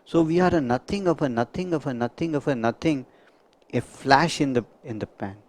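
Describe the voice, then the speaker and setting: A man's voice: mid-range voice, brisk. A man giving a reflective spiritual talk to a group, asking rhetorical questions. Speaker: spiritual speaker.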